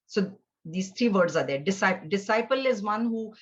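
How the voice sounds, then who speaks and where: A woman's voice: medium pitch, expressive, moderate pace. A woman teaching a scripture class, telling stories in a conversational way with fillers and restarts. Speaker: spiritual teacher. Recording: dull lo-fi recording.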